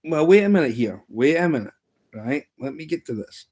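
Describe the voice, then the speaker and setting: A man's voice: a little high, a little fast. A man hosting a casual live chat stream. He tells a story with energy and acts out what others said. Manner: animated anecdote-telling, acting out what others said.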